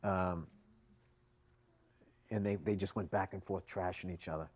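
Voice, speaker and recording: A man's voice: sits low, fairly even intonation, measured pace, darkish tone, husky. A middle-aged man co-hosting a podcast, telling long, rambling stories in casual chat and swearing freely. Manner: rambling, profane storytelling. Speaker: podcast co-host.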